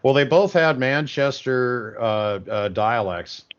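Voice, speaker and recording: A man co-hosting a casual call-in show, rambling with many pauses and fillers. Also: medium pitch, animated, smooth, lo-fi sound. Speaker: co-host.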